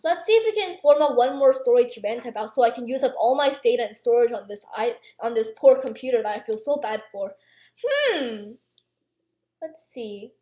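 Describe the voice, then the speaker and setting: With an animated, on-the-high-side voice and a dark tone, a teenage gaming YouTuber rambles through a self-deprecating rant full of fillers while she plays. She speaks at a moderate pace, and the room is echoey.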